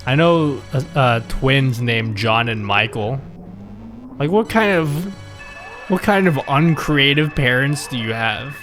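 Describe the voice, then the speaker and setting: Lively, unhurried male streamer. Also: mid-range voice, faint music behind. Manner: chatty, reads chat aloud and jokes. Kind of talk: casual stream chat.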